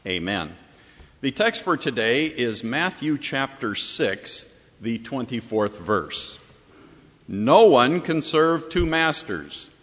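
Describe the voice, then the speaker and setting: A man's voice: medium pitch, sing-song, takes it slowly, fairly bright tone, big-room sound. A man preaching a sermon as a pastor, telling a story and then building to emphatic, repeated phrases. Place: chapel.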